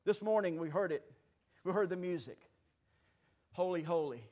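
A man in his fifties preaching a sermon in a church, folksy and joking, swinging between loud declarations and hushed asides. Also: high-pitched, moderate pace. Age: 50s. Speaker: pastor. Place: church sanctuary.

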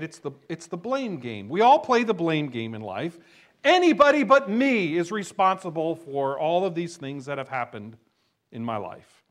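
A man preaching a sermon in a conversational style, often checking in with "right?". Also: a little high. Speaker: pastor.

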